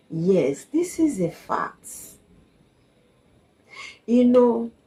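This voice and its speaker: A woman's voice: mid-range voice, rough recording. A woman, giving a reflective personal monologue as a vlogger, earnest and confiding, repeating her points for emphasis.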